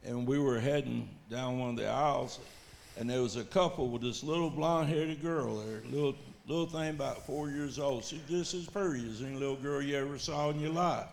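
A man's voice: mid-range voice, brisk, vocal fry, slight background noise. A man telling an earnest, folksy testimony to his church. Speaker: church member giving testimony. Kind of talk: storytelling testimony.

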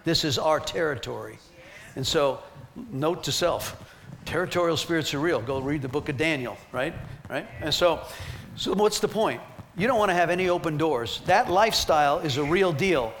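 Animated, emphatic male ministry teacher. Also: fairly high pitch, moderate pace, slight background noise. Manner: animated, emphatic storytelling with laughs. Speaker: ministry team leader. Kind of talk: teaching with personal stories.

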